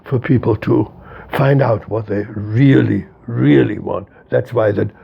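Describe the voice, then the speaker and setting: A man's voice: fairly low pitch, unhurried, creaky, slightly rough, highs cut off. A man in his eighties speaking as an interviewee and philosopher. He talks in an emphatic, repetitive way and openly lets his emotion show. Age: 80s. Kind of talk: reflective interview talk.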